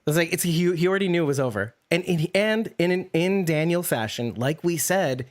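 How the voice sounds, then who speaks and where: A man co-hosting a podcast in casual chat, talking in long, rambling, animated runs, laughing often and swearing now and then. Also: a little high, normal speed. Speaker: podcast co-host.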